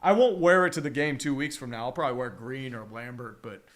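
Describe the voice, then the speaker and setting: A man's voice: mid-range voice, fast talker. A man hosting a live game watch-along, rambling casually with viewers, swearing freely and slipping into his own play-by-play calls. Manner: rambling, profane, chatty with viewers.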